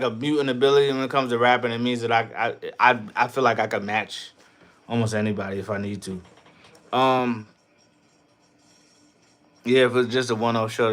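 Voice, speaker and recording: Profane, animated man chatting on a livestream. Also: mid-range voice, clear, resonant tone. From New York. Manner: loud, profane, laughing riffs. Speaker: livestream host reading chat. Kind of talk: casual livestream chat.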